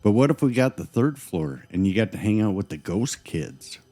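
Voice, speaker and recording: A man's voice: on the low side, very animated, normal speed, dark tone, faint music behind. A man co-hosting a paranormal podcast, telling eerie stories with dramatic, teasing delivery. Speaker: podcast co-host. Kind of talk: scripted paranormal podcast chat.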